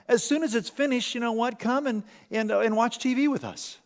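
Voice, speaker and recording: A man preaching a sermon in a church, animated, acting out everyday scenes and often repeating words. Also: very high voice, brisk, hardly any pauses, in a large hall. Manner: animated, acts out parent and commercial voices, repeats words. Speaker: pastor. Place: church sanctuary.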